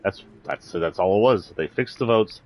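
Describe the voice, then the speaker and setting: A man's voice: lowish voice, expressive, moderate pace, lo-fi sound. A man from Texas with a slight Southern accent, delivering a blunt, indignant political rant on a livestream, swearing freely. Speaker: political commentator.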